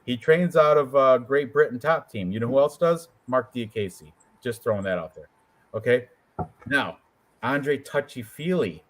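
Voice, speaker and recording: A man co-hosting a casual show about fight predictions, joking and animated as he talks through his picks. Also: mid-range voice, moderate pace. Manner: joking, animated, puts on quoted voices. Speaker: co-host picking fights. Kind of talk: casual chat.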